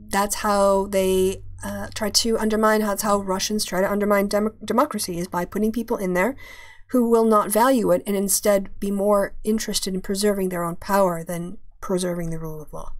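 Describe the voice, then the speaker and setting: A woman's voice: medium pitch, fairly even intonation, a little fast. Opinionated woman hosting a casual stream. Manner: opinionated, chatty, talks while fumbling with tabs. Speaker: podcast host. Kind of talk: casual live-stream chat.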